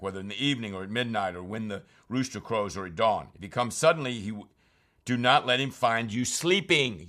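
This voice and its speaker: A man's voice: fairly low pitch, a bit bright. A man teaching from scripture, reading verses aloud and then explaining them in plain, conversational terms. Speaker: preacher.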